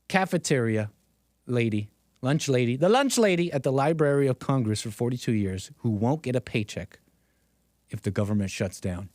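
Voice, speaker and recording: A man's voice: medium pitch, expressive, moderate pace, darkish tone, dry recording, studio quality. A man hosting a political commentary livestream, talking sarcastically to his chat and chuckling often. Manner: talks straight to chat. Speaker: livestream host.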